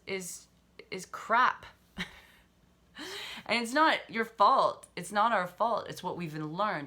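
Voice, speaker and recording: A woman's voice: mid-range voice, sharp tone. A woman relationship coach giving a casual motivational talk, candid and swearing freely, laughing often as she acts out harsh inner voices.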